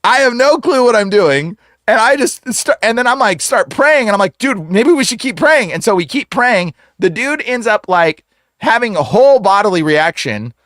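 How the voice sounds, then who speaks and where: A man who is a guest on the show, telling a story in a casual, slangy way full of "like" and "bro", animated and acting out the voices in it. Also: high voice, normal speed, no echo, studio quality. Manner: slangy, fills speech with "like" and "bro". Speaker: exorcist guest.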